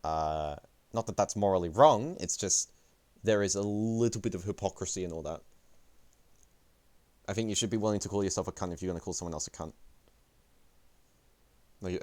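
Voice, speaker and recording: A man's voice: deep voice, a little fast, long pauses, a little mellow. A young man streaming commentary on a match, rambling, profane and self-deprecating. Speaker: esports player and streamer. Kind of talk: livestream commentary.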